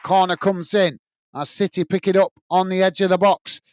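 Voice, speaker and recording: A man's voice: sits high, level tone, normal speed, darkish tone, some chatter behind. Chatty man commentating a match. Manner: chatty, reads out viewer comments between play-by-play. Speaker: watch-along host. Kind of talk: live match commentary and chat reading.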